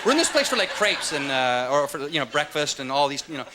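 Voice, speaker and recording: A man performs a stand-up set on a comedy club stage, animated and leaping into shouted voices to act out characters. His voice is fairly high and quick, heard over background noise in a live club recording full of loud audience laughter.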